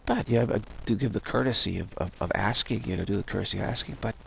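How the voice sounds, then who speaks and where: He speaks fast in a fairly low, creaky voice with a fairly bright tone and a breathy edge. A spiritual teacher at home, he self-tapes a meandering, casual spiritual monologue, repeating himself and chuckling as he goes.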